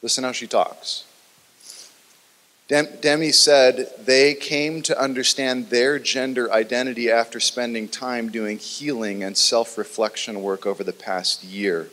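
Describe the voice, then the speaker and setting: A man's voice: steady tone, a little slow. Man preaching in an echoing hall. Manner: dramatic storytelling, often dropping low and quiet. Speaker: pastor. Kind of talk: sermon. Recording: long reverb of a large hall.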